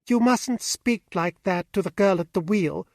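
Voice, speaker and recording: A man reading an audiobook, voicing a lively cheerful young woman driver with a light, laughing manner. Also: high voice, a little slow, no room sound, clean studio sound.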